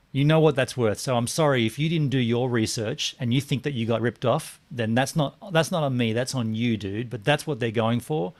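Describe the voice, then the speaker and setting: A man, co-hosting a casual chat and telling a story with lively acted-out quotes. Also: mid-range voice. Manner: animated storyteller, acts out quotes, swears. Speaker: podcast co-host.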